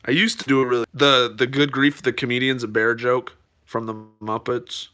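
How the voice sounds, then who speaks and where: A man's voice: mid-range voice, flat delivery, moderate pace, bright, forceful tone. A middle-aged man chatting casually to viewers in a playful, rambling way, his voice slightly cracked from a cough. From United States. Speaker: vlogger. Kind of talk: casual chat to camera.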